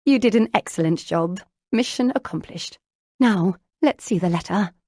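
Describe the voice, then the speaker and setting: A woman narrating an audiobook, voicing an eager and excitable young duchess who talks in breathless, gushing exclamations. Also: mid-range voice, moderate pace, dry recording, clean studio sound, lightly acted. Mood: pleased.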